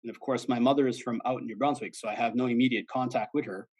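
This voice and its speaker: Husky-voiced man giving a fraud talk. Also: mid-range voice, fairly even intonation, fast, rough recording. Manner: conversational and plain-spoken, acts out quoted callers. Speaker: fraud-awareness presenter, former police officer. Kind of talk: informal educational presentation.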